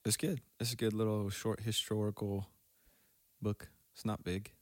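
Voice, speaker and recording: A man co-hosting a casual podcast, relaxed and agreeable, chiming in often. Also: fairly low pitch, no room sound, clean studio sound. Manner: relaxed, agreeable, quick backchannels. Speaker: podcast co-host. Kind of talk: casual chat.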